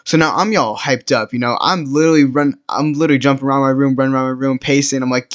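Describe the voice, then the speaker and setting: A man's voice: medium pitch, steady tone, fast, few pauses, lo-fi sound. A teenage boy telling a personal story in a casual, rambling way, full of fillers and restarts. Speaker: storytime vlogger.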